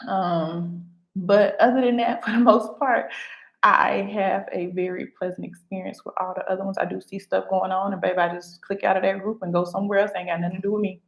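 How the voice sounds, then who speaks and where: A woman's voice: mid-range voice, steady tone, fairly quick, vocal fry, echoey room, highs cut off. A woman vlogger chatting casually to camera, telling stories and repeating her phrases as she goes. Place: home in Mexico.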